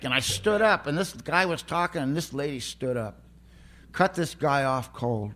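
A man's voice: a little high, normal speed, gravelly, fairly bright tone. A man giving a blunt, streetwise personal testimony at a recovery meeting, often laughing as he talks.

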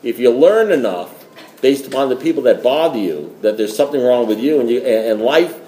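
Rambling, joking man with a mellow voice. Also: mid-range voice, animated, a little fast, reverberant. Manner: rambling, joking, repeats himself. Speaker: speaker at a recovery meeting. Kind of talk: storytelling recovery talk.

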